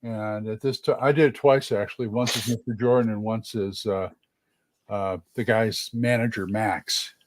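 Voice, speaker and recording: A man's voice: on the low side, steady tone, normal speed, slight background noise. A middle-aged man from Oklahoma, co-hosting a casual livestream and telling chatty, easygoing anecdotes. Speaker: podcast co-host. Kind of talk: casual chat.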